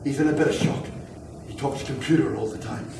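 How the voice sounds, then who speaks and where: An actor playing a kindly fire chief who coaxes and reassures a survivor, in an amateur audio drama. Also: male voice, mid-range voice, lively intonation, a little fast, natural voice. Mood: coaxing. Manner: coaxing, reassuring. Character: kindly take-charge male fire chief. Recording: roomy, distant mic, noisy background.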